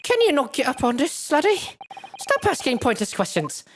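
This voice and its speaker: A woman's voice: high-pitched, wildly swooping pitch, normal speed, slight background noise, pitched above the performer's own voice. A woman voicing a curt, grudging Scottish man with a put-on Scottish accent, reading his game lines in a clipped, grumbling way. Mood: irritated. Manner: clipped, grumbling dialect delivery.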